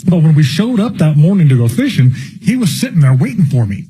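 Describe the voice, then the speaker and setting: Fast-talking raspy man telling a story. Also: a little high, big pitch swings, dark tone, rough recording. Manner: rapid storytelling. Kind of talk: casual anecdote.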